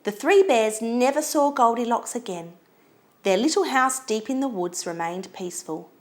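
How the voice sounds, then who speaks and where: A woman reading a children's storybook aloud in an expressive, lilting way. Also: fairly high pitch, moderate pace.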